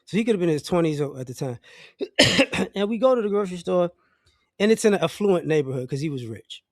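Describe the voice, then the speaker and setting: A middle-aged man with a notably high voice delivers a blunt, profane opinion rant to camera. He rambles and restarts his sentences as he talks. The recording is dry and close, with no room sound. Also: expressive, quick pace, no room sound. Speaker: vlogger.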